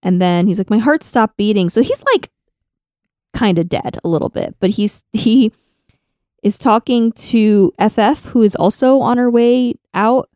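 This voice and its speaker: A woman co-hosting a casual chat, retelling scenes with lively quoted lines. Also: medium pitch, a little slow, no echo, clean studio sound. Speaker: podcast co-host. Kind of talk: casual chat recapping an anime.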